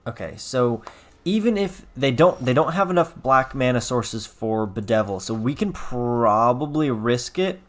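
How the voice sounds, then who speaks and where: A man's voice: medium pitch, animated, measured pace, faint music behind. Young male gameplay commentator, casual, thinking aloud, self-correcting, wry.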